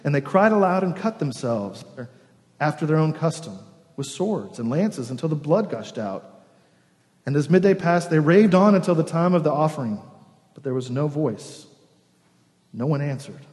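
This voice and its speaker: A man's voice: fairly high pitch, sing-song, moderate pace, darkish tone. Preacher man in a reverberant church. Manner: storytelling preacher, dropping to near-whispers on key words. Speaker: pastor. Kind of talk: sermon. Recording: long reverb of a church hall.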